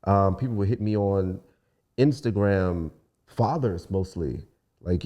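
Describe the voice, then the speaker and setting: A young man from Washington DC talks easily as a guest on a podcast. His voice sits low and sounds warm and mellow. He tells long stories and acts out the people he quotes. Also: a little slow. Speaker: guest singer. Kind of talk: casual podcast interview.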